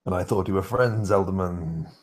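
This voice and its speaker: A man's voice: low voice, moderate pace. A man voicing a sly male warrior who mocks and goads others, speaking in a mocking, provocative way. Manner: mocking, goading.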